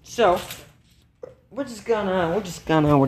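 Excitable man rambling over gameplay. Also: sits high, measured pace, slight background noise. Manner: rambling, excitable, gasps and squeals at cute animals. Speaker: let's play gamer. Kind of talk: casual gameplay commentary.

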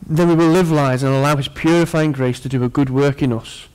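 A man preaching a sermon to his congregation, earnest and warm in tone, with playful asides to the people in front of him. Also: mid-range voice, steady tone, brisk, clear, resonant tone.

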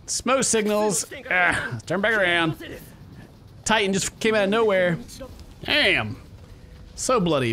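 Goofy excitable man playing a game. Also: high-pitched. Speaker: gaming video host. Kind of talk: game commentary.

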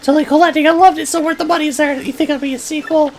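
A man voicing an excitable young gamer fan character in a video game. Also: very high-pitched, rapid-fire, slight background noise, voice pushed up. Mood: gushing. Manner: gushing, overexcited.

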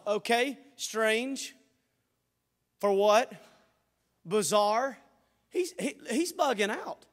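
A male pastor with a very high voice preaches fervently, rising to shouts and then dropping to quiet, joking asides. His folksy delivery rings through a large church sanctuary. A long reverb trails every phrase. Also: lively intonation, takes it slowly, pauses often. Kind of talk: sermon.

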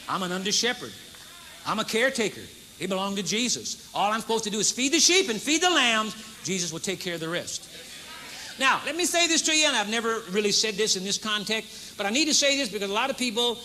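A man's voice: high-pitched, sharp tone, a little hiss or hum. A man pastor preaching a sermon to a congregation, emphatic and humorous, acting out a demonstration. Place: church stage before a congregation.

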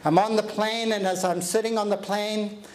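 A man giving an energetic, animated motivational talk, telling stories and joking with a live audience in a hall. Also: sits high, normal speed. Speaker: motivational speaker. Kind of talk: keynote storytelling to a live audience. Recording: echoey hall with faint ambience.

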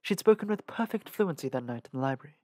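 A man narrating a novel as an amateur audiobook reader, with a lively, uneven reading and small self-corrections. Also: a little high, fast, no room sound, studio quality.

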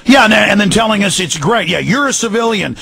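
A man hosting a call-in radio talk show, ranting in a rapid delivery. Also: high voice, expressive, creaky, fairly bright tone, husky.

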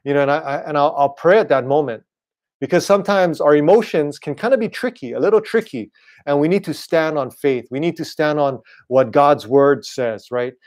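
A man preaching an online sermon in a relaxed, conversational way, often checking in with "right?". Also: on the high side, a little fast. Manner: casual, repeats "right?" and "you know". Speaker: pastor.

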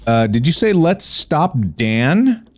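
A man playing a horror game alone, talking at an unseen ghost in a slow, unhurried way. He teases and taunts it, breaking into sudden yelps. His pitch swings wildly from low mutters to high shouts. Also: sing-song. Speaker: game streamer.

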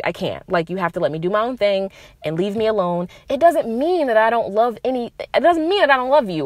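A woman's voice: on the high side, dry recording. A young adult woman hosting a podcast, giving relationship advice in a casual monologue, blunt and profane, with emphatic rises on her key points. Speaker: podcast host.

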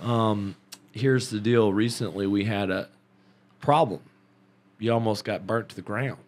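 A man's voice: on the low side, a little slow. A man hosting a casual podcast interview, loose and joking, with slang and frequent laughter. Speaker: podcast host.

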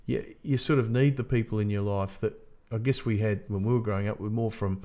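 An Australian man, a politician appearing as a podcast guest, telling relaxed, plain-spoken anecdotes in casual conversation. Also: lowish voice, a little fast.

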